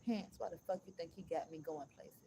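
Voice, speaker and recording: A woman vlogger, ranting bluntly to her viewers, swearing freely and slowing down to read aloud with emphasis. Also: low voice, creaky, background noise. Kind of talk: casual motivational rant to viewers.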